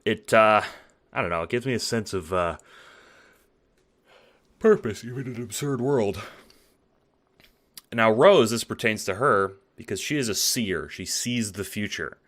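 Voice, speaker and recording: A man's voice: on the low side, lively intonation, measured pace, pauses often, a bit bright. A man talking through a spoken essay late at night, tired and yawning, conversational and profane with lots of fillers and "right?". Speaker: video essayist.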